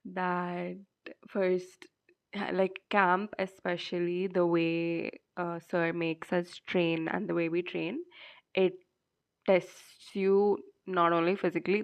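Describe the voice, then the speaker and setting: A young woman, chatting casually in a storytime vlog and filling her talk with "like". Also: fairly low pitch. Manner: chatty, many fillers like "like". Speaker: vlogger. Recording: dull lo-fi sound.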